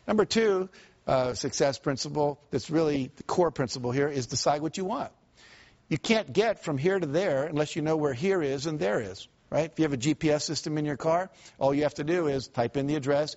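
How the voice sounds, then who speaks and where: A man's voice: medium pitch, a little mellow, highs cut off. A man giving a live motivational talk, telling stories and acting out the voices he quotes, often asking the audience questions. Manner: storytelling, acts out quoted voices. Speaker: motivational speaker.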